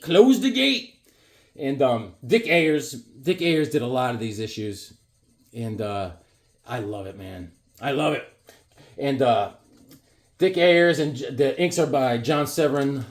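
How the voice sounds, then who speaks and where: Rambling, animated Northeastern man. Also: mid-range voice, unhurried, pauses often. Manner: rambling storyteller acting out the people he quotes. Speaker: comic collector vlogger. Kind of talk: casual chat showing comics.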